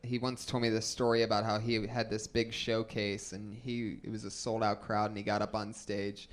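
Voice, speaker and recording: A man's voice: lowish voice, normal speed. A man hosting a comedy podcast, telling stories in casual chat and acting out the people in them. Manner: animated storyteller, acts out whispers and shouts.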